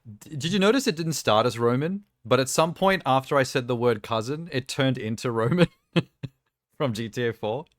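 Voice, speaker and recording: A male streamer rambles and rants in casual live-stream chat, drifting between tangents and frequently amused by himself. His voice is middle-pitched and animated at a moderate pace, captured close and dry with no room echo.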